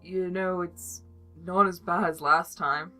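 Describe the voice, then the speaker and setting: A woman reading a fan story aloud, voicing a tired, gloomy male skeleton who talks in a flat monotone and puts himself down. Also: on the low side, slow pace, soft background music. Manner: flat monotone, self-deprecating.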